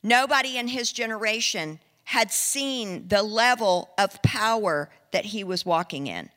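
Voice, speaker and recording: A woman preaching, telling a story in an animated way and acting out the people in it. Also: mid-range voice, a little slow. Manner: animated, acts out quoted speech. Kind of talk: sermon storytelling. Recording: long reverb in a hall.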